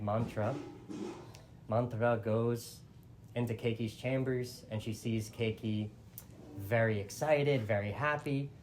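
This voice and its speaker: Chatty male storyteller, mid-pitched voice. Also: a little mellow, slight background noise. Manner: chatty, full of "like" fillers and restarts. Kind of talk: casual oral storytelling.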